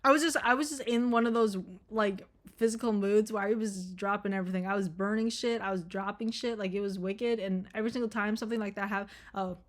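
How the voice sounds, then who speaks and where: A woman's voice: medium pitch, steady tone, brisk. A young adult woman talking to camera in a casual, rambling vlog, blunt and profane, with many fillers. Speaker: vlogger.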